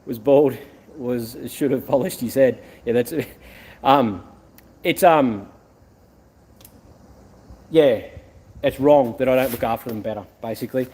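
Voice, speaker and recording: A man's voice: medium pitch, measured pace, pauses often, a little mellow. Blunt rambling Australian man. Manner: blunt, rambling, swears freely. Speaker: vlogger and car yard owner. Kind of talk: casual rambling chat to viewers.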